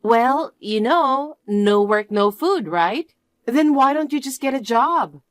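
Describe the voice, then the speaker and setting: A woman's voice: sits high, expressive, slow, no echo, studio quality, voice pushed up. A woman voicing an earnest, questioning young woman in a storybook read. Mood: indignant. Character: young woman, patient but firm fiancée. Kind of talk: storybook narration.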